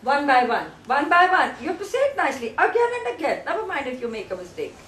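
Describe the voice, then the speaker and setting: Woman speech teacher: high, animated delivery, slow syllable drilling, distant mic in a reverberant room. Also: slight background noise. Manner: firm, insistent, repeats syllables slowly. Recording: echoey room, mic far off.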